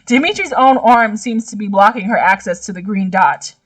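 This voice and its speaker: Animated young woman reading a visual novel. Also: mid-range voice, normal speed, far from the mic. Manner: animated, slangy reactions and exclamations. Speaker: gaming YouTuber.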